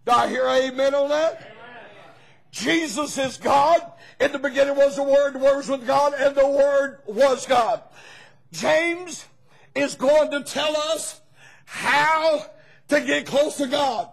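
A man preaching a fervent sermon as pastor, breaking into shouts and calling on the congregation for amens. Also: extremely high pitch, fairly even intonation, a little slow, gravelly, poor audio.

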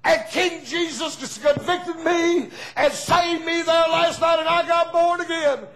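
A man's voice: extremely high pitch, fairly even intonation, unhurried, fairly bright tone, pitched above the performer's own voice, heavily acted. A man voicing a humble older sawmill worker giving an earnest, joyful testimony in a sermon story. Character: humble old male sawmill worker, newly saved.

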